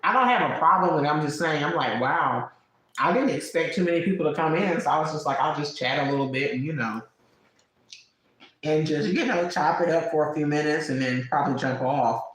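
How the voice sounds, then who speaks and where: A woman in her late thirties hosts a casual live stream, chatting candidly with viewers at home while laughing often and snacking. She has a deep, bright-ish voice and talks a little fast, in a very echoey room.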